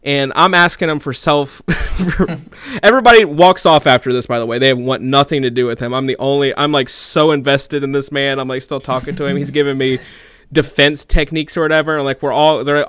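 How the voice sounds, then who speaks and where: Tell it like you're catching your friend up on a wild party: casual, animated, jump into the other people's voices, laugh through it, close to a dry mic, middle pitch. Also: male voice, fairly quick, clear, resonant tone, no room sound. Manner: animated, acts out quoted voices, laughs often. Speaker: podcast co-host. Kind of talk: casual storytelling chat.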